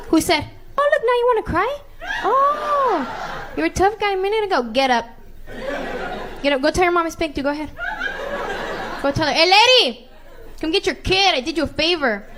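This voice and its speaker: A woman comedian doing a loud, bold, scolding stand-up rant before a live crowd. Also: extremely high pitch, noisy background.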